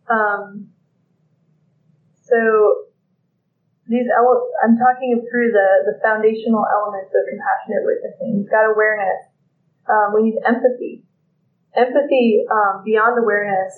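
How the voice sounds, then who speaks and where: Halting, reflective lecturer, pauses a lot; tinny phone-quality recording in an echoey room. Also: medium pitch. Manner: thoughtful, halting, many pauses and fillers. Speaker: teacher. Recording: echoey, phone-like lo-fi with faint noise.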